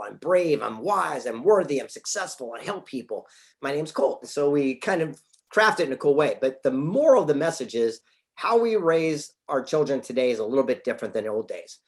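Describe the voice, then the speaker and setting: Man in his fifties telling stories. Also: on the high side. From San Diego, California. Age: 50s. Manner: animated, acts out quoted dialogue. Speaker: podcast guest, author. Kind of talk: casual storytelling interview.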